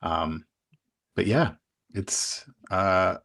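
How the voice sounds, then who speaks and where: A man's voice: low voice, very slow, vocal fry, fairly bright tone. A man appearing as a guest on a board game show over a video call, talking hesitantly with many fillers and restarts. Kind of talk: casual chat.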